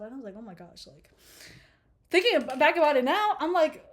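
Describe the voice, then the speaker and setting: Fast-talking young woman telling a story. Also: high voice, expressive. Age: 20s. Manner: rambling, profane, laughing asides. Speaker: vlogger. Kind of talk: casual storytime chat.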